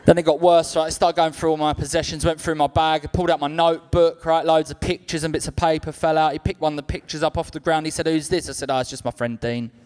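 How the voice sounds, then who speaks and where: Young male stand-up, slightly high pitch, deadpan storyteller who voices others' lines, live club mic. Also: clean tone, faint music behind. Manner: acts out others' lines in quick-switching voices. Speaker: stand-up comedian. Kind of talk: stand-up comedy set. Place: comedy club stage.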